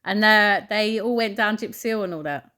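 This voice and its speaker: Woman co-host, mid-pitched, easygoing and chatty. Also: moderate pace, sharp tone. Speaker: podcast co-host. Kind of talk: casual chat.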